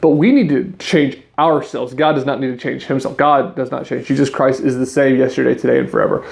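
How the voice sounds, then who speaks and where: A man's voice: mid-range voice, fairly even intonation, a little fast, gravelly, a little mellow. A man hosting a podcast, casually commenting on the news and reading articles aloud in a conversational way. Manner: conversational, restarts and fillers, speaks to listeners as guys. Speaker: podcast host.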